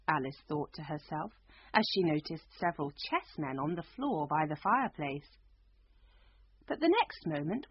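A woman narrates a storybook in an expressive reading voice, her pitch rising and falling in a lively, sing-song way. Her voice has a husky edge, and the recording sounds dry, dull and lo-fi. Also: normal speed, no room sound.

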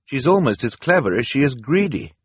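A man's voice: medium pitch, sing-song, brisk, slightly rough, no room sound, pitched above the performer's own voice. A man voicing a brave, clever young girl who speaks urgently with a raised voice.

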